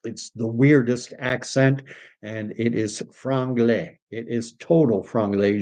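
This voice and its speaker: On a relaxed livestream, a man from Canada goes through viewer comments out loud, drifting between topics and dropping in bits of French. His mid-range voice is warm and steady, and he takes his time.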